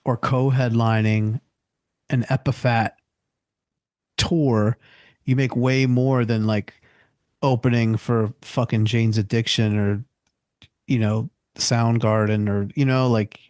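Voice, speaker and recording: A man with a mid-pitched voice co-hosts a podcast in relaxed, casual talk. His speech is loose and filler-heavy, with lots of "you know" and "like". The sound is dry and close. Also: slow pace, pauses often, no room sound. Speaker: podcast co-host.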